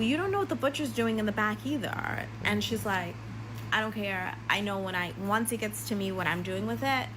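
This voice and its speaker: A woman speaking reflectively in a video, recounting past conversations at an everyday pitch. A clear hiss sits behind her voice. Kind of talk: commentary in a video.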